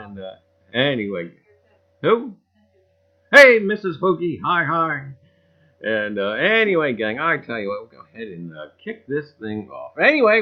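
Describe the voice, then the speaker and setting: High, lively rambling livestream host man. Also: dull audio. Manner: rambling, joking, greets viewers by name. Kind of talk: casual livestream chat.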